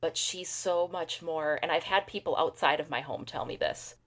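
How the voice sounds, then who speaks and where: Lowish-voiced earnest woman, reflective. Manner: earnest, reflective, slows to think aloud. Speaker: guest, parenting program client. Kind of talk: conversational interview.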